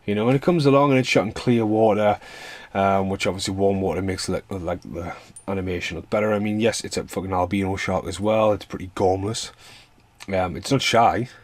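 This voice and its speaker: A man with a deep, low voice rambles through a casual film review. He swears freely and chuckles between points, with a loose, unscripted flow. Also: steady tone, a little fast, no echo.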